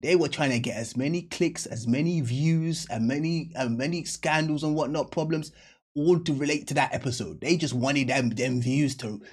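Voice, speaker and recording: Husky man reacting casually. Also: fairly high pitch, normal speed. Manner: emphatic, repeats himself, slangy. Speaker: reaction channel host.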